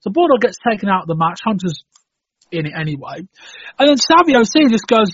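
A man's voice: extremely high pitch, very animated, brisk, a bit bright, slightly rough, dull audio. A man co-hosting a casual podcast, reviewing wrestling with sarcasm and casual swearing. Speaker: podcast co-host.

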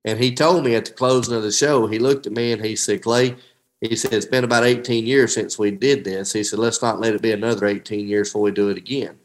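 A man's voice: lowish voice, fairly even intonation, quick pace, poor audio. Folksy man, heartfelt. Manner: folksy, heartfelt, says "dude" often, trails off and restarts. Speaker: professional angler, guest. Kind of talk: emotional casual interview.

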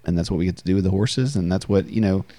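A man's voice: deep voice, fast, mellow, dry recording. A man hosting a podcast, talking in a reflective, conversational way and often repeating words as he speaks. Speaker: podcast host and counselor. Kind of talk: casual conversational podcast talk.

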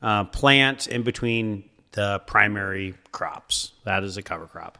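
An Iowa man in his thirties, co-founder of a seed company, chats easily as a guest on a casual podcast interview. His lowish voice is unhurried with a sharp tone, and he rambles along with plenty of fillers.

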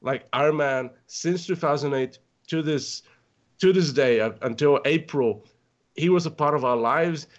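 A man's voice: a little high, unhurried, muffled recording. A man on a podcast panel, gushing and rambling with lots of filler words in casual chat.

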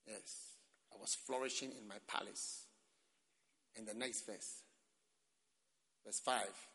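A man preaching a sermon and reading scripture. He swings between quiet reading and loud, dramatic exclamations. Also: lowish voice, fairly even intonation, slow. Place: large hall at a church camp. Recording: long hall reverb.

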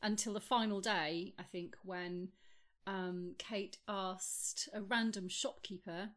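A woman's voice: medium pitch, fairly even intonation, takes it slowly, a bit bright. A woman with a British accent co-hosting a podcast, chatting casually, teasing and laughing often with dry quips. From United Kingdom. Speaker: podcast co-host. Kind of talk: casual chat.

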